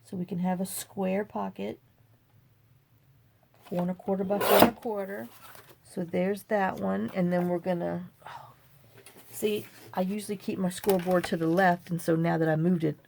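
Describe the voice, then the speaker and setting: A woman's voice: lowish voice, steady tone, normal speed, creaky, a little mellow, slight background noise. An older woman hosting a chatty crafting tutorial, rambling and talking to herself as she works at a home craft table. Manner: rambling, chatty, talks to herself while working.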